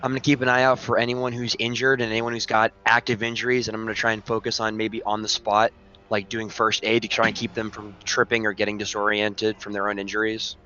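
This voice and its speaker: A man playing a tabletop role-playing game, describing his character's actions in a steady, even way. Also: on the low side, fast, highs cut off. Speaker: player. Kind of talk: casual tabletop play.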